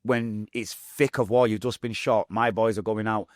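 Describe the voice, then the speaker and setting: A young adult man with a Manchester accent, telling his own story as a podcast guest, fast and vivid, acting out what people said. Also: fairly low pitch, fairly even intonation, no echo, clean studio sound. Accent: Mancunian English. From Manchester, England.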